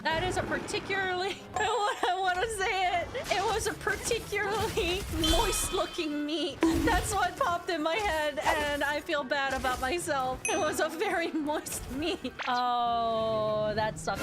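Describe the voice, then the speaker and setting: Over background game music, a woman streams live gameplay as a VTuber, giggling often, shrieking at what happens on screen, and talking with her chat. Her voice is very high-pitched, and she speaks at normal speed with few pauses.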